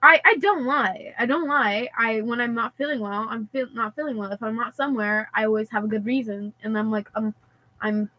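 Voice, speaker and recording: Speaking briskly in a fairly high voice with fairly even intonation, a teenage girl rambles through a story in casual chat, filling it with "like" and "and stuff like that." The recording is dry and the audio sounds dull.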